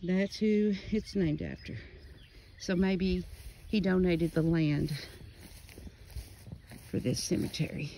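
A woman's voice: lowish voice, fairly even intonation, takes it slowly, long pauses, dark tone, a little hiss or hum, low-quality recording. A woman walking through a cemetery, reading out names and dates from headstones in casual narration, slightly out of breath. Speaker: cemetery vlogger. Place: outdoor rural cemetery. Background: birds and outdoor ambience.

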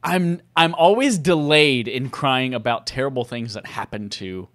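A man co-hosting a podcast in casual chat, talking freely, laughing often and loudly acting out lines he quotes. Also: mid-range voice, animated, a little slow, no echo, clean studio sound. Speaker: podcast co-host.

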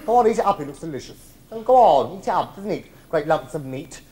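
A man's voice: on the high side, lively intonation, darkish tone, lightly acted. A man with an English accent playing a camp, waspish older comic actor in a live theatrical monologue, gossipy and crude with indignant outbursts. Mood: fussy coaxing. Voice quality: camp, drawn-out theatrical delivery. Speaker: stage actor in a one-man show.

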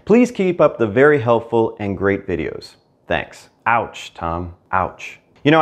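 An American man hosting his own language channel, talking casually to the camera with dry, self-mocking humor. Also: lowish voice. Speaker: Spanish teacher and YouTube host.

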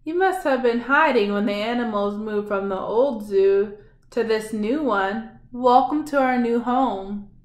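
A woman reading aloud voices a friendly zookeeper, speaking in a lower, welcoming tone. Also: measured pace, reverberant, close to an everyday voice. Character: friendly grown man, a zookeeper.

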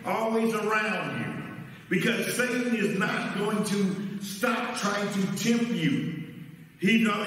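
A man teaching a Bible study as pastor, preaching with rhetorical questions to the congregation in a church. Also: high voice. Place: church sanctuary. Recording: echoey hall, mic far off.

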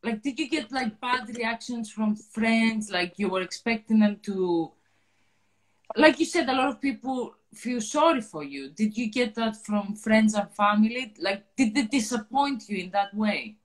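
A woman's voice: fairly high pitch, animated, a little slow, poor audio. A woman host of a live interview show, asking questions in a loose, casual way with many fillers.

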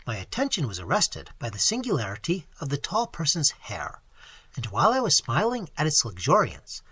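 A man's voice: a little high, huge pitch swings, normal speed, pushed and bright, slightly rough, dry recording, heavily acted. A man voicing a plump, pompous, self-pitying country clergyman who rambles on self-righteously. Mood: recounting.

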